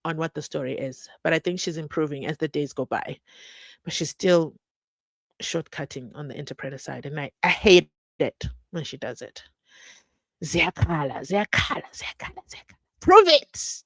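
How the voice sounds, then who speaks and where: Animated woman streamer. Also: lowish voice, dry recording. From South Africa. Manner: animated, laughs often, mock-incredulous questions. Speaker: true crime channel host. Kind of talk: casual live-stream commentary reading chat.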